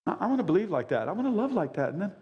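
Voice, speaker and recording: A man in his sixties preaching a sermon as a pastor, high-energy and emphatic with folksy asides. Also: big pitch swings, very fast, dull audio. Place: church sanctuary. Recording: long church reverb.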